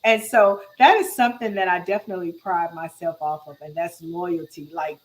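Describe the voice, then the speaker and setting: A woman's voice: lowish voice, steady tone, normal speed, low-quality recording. Emphatic, self-assured woman co-host. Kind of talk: casual chat.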